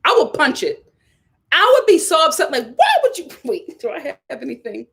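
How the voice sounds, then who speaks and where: A young woman talks straight through a live-stream review, her fairly high voice rising into loud outbursts and dropping to low mutters. She repeats her lines for emphasis in a casual, animated rant. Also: moderate pace, creaky, a little hiss or hum. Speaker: YouTube reality-TV reviewer.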